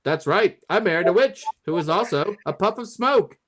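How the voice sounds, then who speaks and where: A man's voice: high-pitched, animated, normal speed, fairly bright tone, voice pushed up. A man doing a pompous 1940s governor. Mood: boastful. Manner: old-timey mid-Atlantic announcer delivery. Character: pompous 1940s male governor, smug and boastful. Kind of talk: comic monologue.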